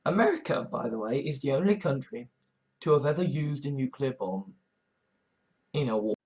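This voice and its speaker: A man's voice: mid-range voice, expressive, moderate pace, darkish tone, slightly rough. A man talking casually in a vlog, rambling with lots of fillers and stammered restarts. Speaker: online video creator.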